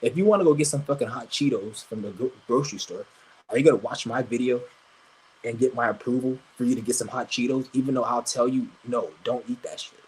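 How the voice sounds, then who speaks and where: A man's voice: medium pitch, fast, slightly rough, rough recording. A man streaming live, ranting crudely and combatively, stumbling over repeated restarts. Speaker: livestreamer. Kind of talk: angry livestream rant.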